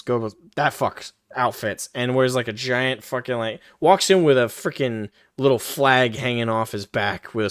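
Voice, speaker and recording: A man's voice: mid-range voice, clear, resonant tone, no echo, clean studio sound. A male live-stream host reacting to a clip, profane and mocking, laughing often as he talks.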